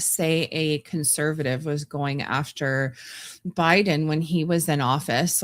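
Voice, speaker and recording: A woman from Canada hosting a podcast, ranting bluntly with exasperated stumbles and restarts. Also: sits low. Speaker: podcast host. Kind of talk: opinionated solo commentary.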